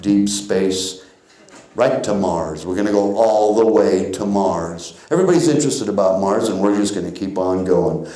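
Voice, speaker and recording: A man working as a stage hypnotist, guiding volunteers with slow suggestions and chuckling at their answers. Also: lowish voice, mellow, echoey room, low-quality recording. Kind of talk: comedy hypnosis stage patter. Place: theater stage before a live audience.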